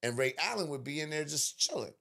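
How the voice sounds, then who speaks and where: Gravelly man spinning a profane story. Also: a little high, quick pace. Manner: animated storyteller, profane, laughs often. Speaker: podcast host. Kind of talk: casual podcast chat.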